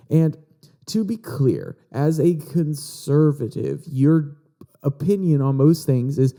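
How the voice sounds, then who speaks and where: A man's voice: fairly high pitch, takes it slowly, mellow. A man from Virginia hosting a podcast. He talks casually about political news, explains the articles and reads out quotes. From Virginia, USA. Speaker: podcast host.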